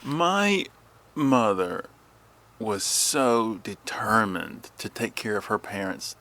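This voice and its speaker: A man's voice: fairly low pitch, expressive, slow pace, sharp tone. A man hosting a casual podcast chat at home, rambling and telling stories. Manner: rambling, mimics voices when retelling. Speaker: podcast host.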